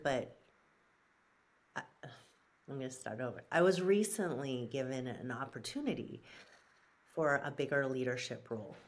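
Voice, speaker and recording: A woman guest, a brand strategist and author, giving measured and earnest answers in an interview, pausing with fillers and restarts. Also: rumbling low.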